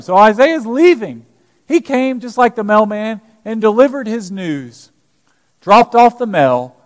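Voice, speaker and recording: A man's voice: high-pitched, big-room sound. A man preaching a sermon as pastor, dramatically acting out the scripture he quotes.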